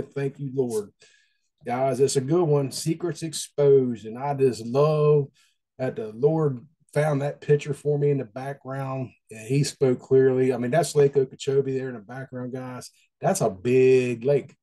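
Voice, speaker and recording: A man gives a casual devotional talk in a mellow, relaxed voice. He speaks in a folksy, conversational way and circles back to repeat his points. His pitch sits in an ordinary middle range.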